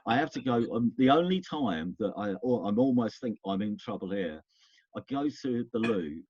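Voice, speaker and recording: Deep husky-voiced man reminiscing. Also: animated, normal speed, a little mellow, no echo, lo-fi sound. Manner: rambling, self-interrupting storyteller. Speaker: guest. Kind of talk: casual reminiscing conversation.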